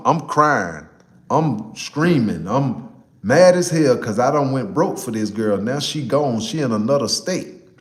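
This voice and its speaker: Slangy man telling a story, echoey room. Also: mid-range voice. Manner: animated, slangy, repeats himself for emphasis. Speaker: live streamer telling a personal story. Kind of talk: casual storytelling to a live chat.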